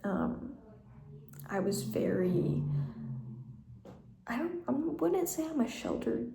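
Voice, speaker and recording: A woman's voice: high voice, sing-song, slow, creaky, roomy sound, background noise. A young woman telling a personal story in a casual, chatty way, with lots of fillers and small laughs. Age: young adult. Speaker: vlogger.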